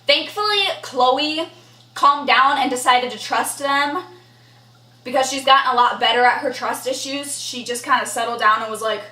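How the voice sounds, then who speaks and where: A woman's voice: high voice, normal speed, bright, forceful tone, far from the mic. A young woman vlogging an indignant storytime rant, blunt and swearing freely. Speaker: horse vlogger. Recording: echoey room, voice a bit off-mic.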